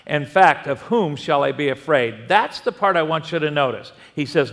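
A man's voice: on the high side, big pitch swings, normal speed, hardly any pauses, a bit bright, long reverb tail. A man preaching a sermon as pastor, conversational and telling personal stories.

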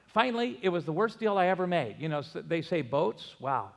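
High-voiced male pastor in reverberant hall. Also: a little fast, gravelly, hardly any pauses. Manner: animated storytelling with audience call-and-response. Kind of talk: sermon. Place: church sanctuary. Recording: long church hall reverb.

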